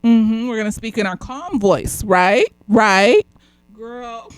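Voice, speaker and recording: A woman's voice: on the high side, expressive, slow, smooth, no room sound, poor audio. Slightly tipsy woman going off about a tv episode, cussing, laughing a lot, dry close sound. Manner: profane and blunt, laughing often, swinging between loud outbursts and quiet muttering. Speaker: therapist reviewing a TV episode. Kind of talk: casual commentary vlog.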